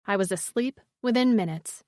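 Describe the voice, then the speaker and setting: A woman narrating a first-person fantasy romance audiobook with an expressive storytelling delivery. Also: mid-range voice, moderate pace, dry recording, clean studio sound.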